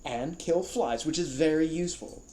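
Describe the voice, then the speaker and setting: A man voicing a brisk, sharp-tongued old woman in a storybook reading, close to his own voice. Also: fairly high pitch, voice pushed up, lightly acted. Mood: tart. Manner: brisk, tart.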